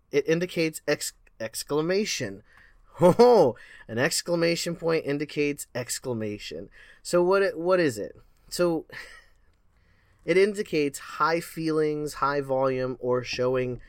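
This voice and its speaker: A man hosting his own podcast as a performance coach, talking in a playful, animated way and throwing in sound-effect words. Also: medium pitch, no room sound, clean studio sound. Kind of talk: casual solo podcast monologue.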